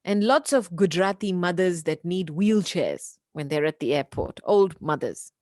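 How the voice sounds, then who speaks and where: Lively gentle British woman teaching. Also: lowish voice, moderate pace, dry recording, clean studio sound. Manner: gentle storytelling, soft whispered asides. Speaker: spiritual teacher. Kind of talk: spiritual class.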